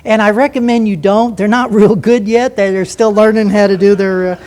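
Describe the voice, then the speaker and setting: An older man giving a talk, with a high voice, telling anecdotes and jokes. He breaks into the voices of the people in his stories as he goes. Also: steady tone, moderate pace, darkish tone. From United States. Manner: anecdotal, jokey, acts out quoted voices. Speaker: speaker at a lecture. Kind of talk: storytelling talk.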